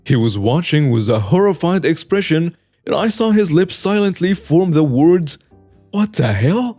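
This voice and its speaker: Man, story narrator, somewhat high voice, steady scripted reading. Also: moderate pace, faint music behind. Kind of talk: scripted narration of online stories.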